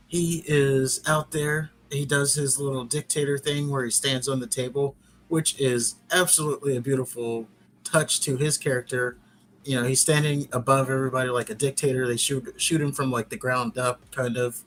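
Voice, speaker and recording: A man's voice: mid-range voice, steady tone, moderate pace, a bit bright, soft background music. A man hosting a podcast, giving a casual, rambling recap with frequent restarts. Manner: rambling, chatty retelling with restarts. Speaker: podcast host.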